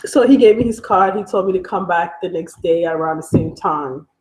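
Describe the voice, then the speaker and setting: A woman's voice: on the low side, normal speed, a little mellow, slight background noise, rough recording. A young adult woman from Africa, telling a personal story in a candid, conversational way that wanders and keeps catching itself. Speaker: vlogger.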